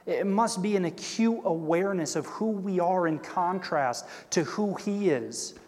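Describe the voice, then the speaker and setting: Long hall reverb colors this recording of a man leading a Bible study in a high, darkish voice, speaking a little slowly. He reads scripture and explains it conversationally, often checking in with "right?" and acting out quoted characters with a shifting voice.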